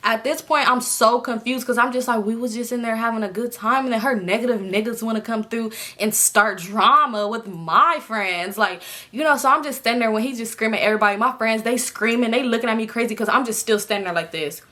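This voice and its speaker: A woman in her twenties telling a story casually to camera, animated and swearing freely, jumping up in pitch when she acts out other people. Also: a little fast. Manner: swears freely, talks straight to viewers. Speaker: storytime vlogger.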